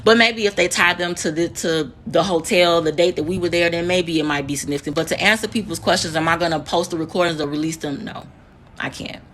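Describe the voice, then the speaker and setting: Slight background noise accompanies a lowish, somewhat bright female voice delivered briskly. She's a US nurse in her thirties telling viewers a heated, profane story, repeating words for emphasis, in an emotional storytime vlog.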